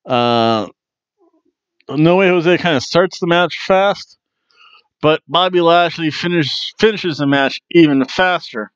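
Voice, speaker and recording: A man's voice: a little high, takes it slowly, smooth, no room sound, lo-fi sound. A man hosting a wrestling review podcast, talking casually and jokily, with plenty of fillers and restarts. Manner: rambling and jokey, with many fillers and restarts.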